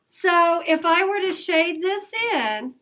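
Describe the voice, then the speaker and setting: A middle-aged woman teaching a math lesson to her class, brisk and coaxing, asking questions as she goes. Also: extremely high pitch, lively intonation, bright, forceful tone. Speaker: elementary school teacher.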